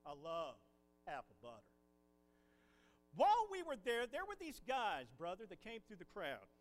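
A man's voice: sits high, normal speed, long reverb tail, rough recording. A man from Ohio preaching a sermon from the pulpit, telling folksy stories. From Ohio, USA. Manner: folksy storytelling, animated. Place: church pulpit.

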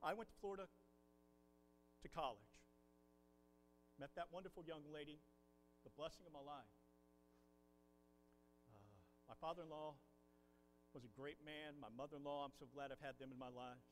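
A man's voice: on the high side, normal speed, long pauses, in a large hall, slight background noise, low-quality recording. A man from Ohio preaching a sermon from the pulpit, telling folksy stories. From Ohio, USA. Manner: folksy storytelling, animated. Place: church pulpit.

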